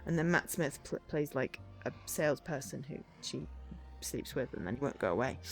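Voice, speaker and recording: A woman in her thirties streams a game and chats casually, rambling between tangents. Her voice is rumbling low and animated, at a moderate pace, with faint music behind. She's chatty and self-deprecating.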